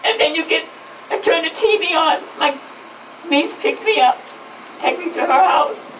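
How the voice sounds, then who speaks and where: A woman in her fifties, a grieving mother, giving an impassioned public speech at a rally. She is emphatic, repeats slogans and her voice rises toward shouts. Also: extremely high pitch, lively intonation, normal speed, roomy sound, distant mic, background noise.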